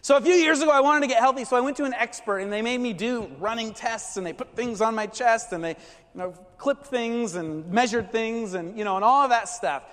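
Male pastor, high voice, lively conversational preaching, church hall reverb. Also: brisk. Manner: animated, conversational preaching with asides. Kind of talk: sermon.

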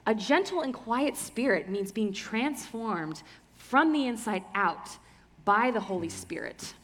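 A woman sharing a sermon portion in a calm, measured teaching tone. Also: on the high side, big-room sound.

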